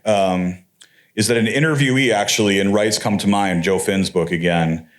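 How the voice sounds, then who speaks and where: A man's voice: on the low side, moderate pace. A man giving a conference lecture in a conversational way, with wry, sarcastic asides. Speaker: conference speaker. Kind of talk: academic lecture.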